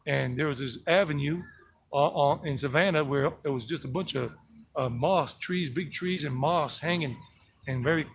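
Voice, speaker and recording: Gravelly Southern American man vlogging. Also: a little high, normal speed. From South Carolina and Georgia, USA. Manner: rambling, chatty, greets viewers by name. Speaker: walking-tour vlogger. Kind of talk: live-streamed walking tour narration. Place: outdoors on residential streets with passing traffic.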